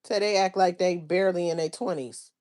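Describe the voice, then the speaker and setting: Woman on a live stream spilling tea, low voice, drawly and gossipy. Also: steady tone, brisk, darkish tone. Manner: gossipy, drawling, reads chat comments aloud. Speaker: livestream host. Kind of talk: casual commentary on online drama.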